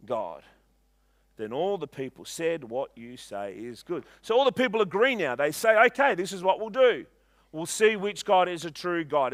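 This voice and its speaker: A man preaching a sermon in church, reading scripture aloud and retelling it with animated humor. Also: medium pitch, dry recording. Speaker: pastor.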